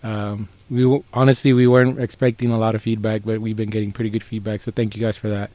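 A man's voice: lowish voice, flat delivery, fast talker, darkish tone, no echo. A man co-hosting a podcast from San Antonio, chatting casually and teasing his partner. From San Antonio, Texas. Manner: easygoing, teasing. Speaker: podcast co-host.

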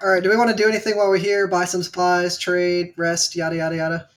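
A man's voice: high-pitched, little pitch movement, fast, fairly bright tone. Wry man narrating a game. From Hawaii. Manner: wry, jokey, reads game text aloud. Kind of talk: casual let's-play chat.

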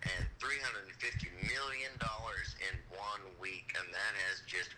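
A man's voice: on the low side, normal speed, heavy background noise. A man who is a guest on a casual podcast, easygoing and fond of dad jokes.

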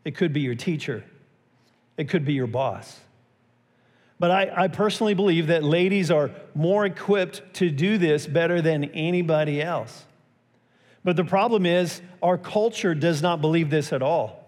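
A man's voice: on the high side, normal speed, a little mellow, big-room sound. A man preaching a sermon as pastor, telling a story and acting out its quotes with a raised voice.

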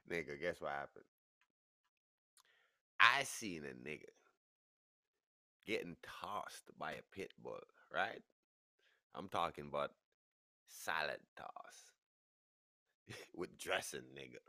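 Brief: low-voiced New York host, bright tone, dry close sound, animated storyteller. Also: male voice, takes it slowly, creaky, long pauses, no echo. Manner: laughs through the story, voice jumps high for quoted people. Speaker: podcast host.

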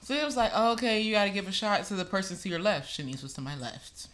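Young female co-host, bright forceful tone, lively and profane storyteller. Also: medium pitch, quick pace. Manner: animated storytelling, swears freely. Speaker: podcast co-host. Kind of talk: casual chat.

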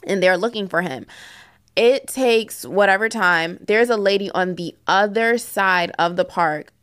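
A woman's voice: mid-range voice, a little slow, smooth. A woman podcast co-host, telling a story in casual chat and acting out what people said. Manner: storytelling, animated quoting of others.

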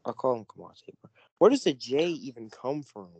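A man's voice: medium pitch, very animated, normal speed, a little mellow, husky, no echo, muffled recording. A young man co-hosting a casual podcast chat, joking around in slang and losing his train of thought. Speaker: podcast co-host.

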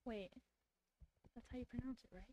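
Woman podcast guest, goofy and blurting, fairly high voice. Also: a little fast, warm tone, rough recording. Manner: silly, blurts out, swears. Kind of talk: casual chat.

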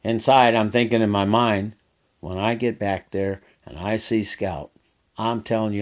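A man's voice: fairly low pitch, fairly even intonation, a little slow. An older man who works as a horseback trail guide, telling a story in a folksy, rambling way and repeating phrases. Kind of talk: casual storytelling.

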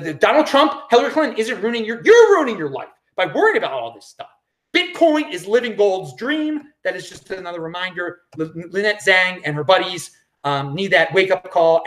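Casual commentary, blunt, dismissive, repetitive emphasis, animated pitch. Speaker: vlogger.

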